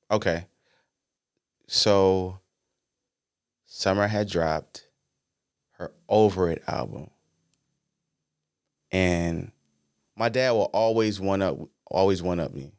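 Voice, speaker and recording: A man's voice: deep voice, smooth, no echo, clean studio sound. A man, a singer-songwriter guest on a podcast, telling stories casually with slang and easygoing fillers. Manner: relaxed storytelling with slang and fillers.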